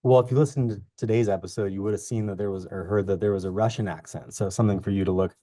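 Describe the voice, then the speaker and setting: A man's voice: on the low side, fairly even intonation, fast, mellow, dry recording, clean studio sound. A young man co-hosting a podcast, rambling and long-winded in casual chat about the market. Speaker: podcast co-host.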